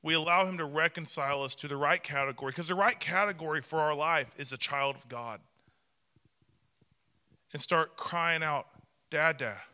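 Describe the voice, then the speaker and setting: A man in his thirties, a pastor preaching a sermon and telling family stories in an animated way with playful acted quotes. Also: on the high side, clear, resonant tone, in a large hall.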